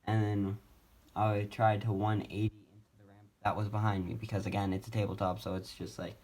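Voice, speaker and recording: A man's voice: lowish voice, little pitch movement, brisk, darkish tone. A young man casually telling a personal story on his vlog, rambling with many fillers and restarts, speaking from a wheelchair at home. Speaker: vlogger.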